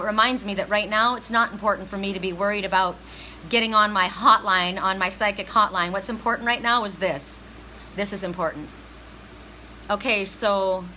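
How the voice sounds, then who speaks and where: Bright-voiced woman psychic reader. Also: medium pitch, a little hiss or hum, rough recording. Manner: emphatic, heartfelt, talks straight to viewers. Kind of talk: live-stream spiritual reading.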